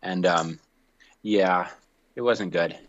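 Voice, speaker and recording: A man calling in to an advice show, talking hesitantly with many pauses and restarts. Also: low voice. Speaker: caller. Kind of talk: call-in conversation. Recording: dull lo-fi call line.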